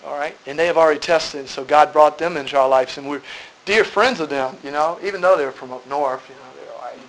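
An earnest middle-aged man with a drawl gives a ministry presentation to a church group. His voice sits a little high for a man, and he repeats points in a preacherly way. Faint noise hums behind him. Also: fairly quick, low-quality recording. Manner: earnest, repetitive, preacherly emphasis. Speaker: ministry leader.

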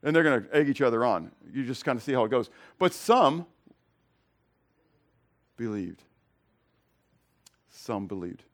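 A man preaching a sermon to his congregation, conversational, asking them direct questions and moving between loud emphasis and quiet, low remarks. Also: lively intonation, unhurried, pauses often. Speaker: pastor. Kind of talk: expository sermon.

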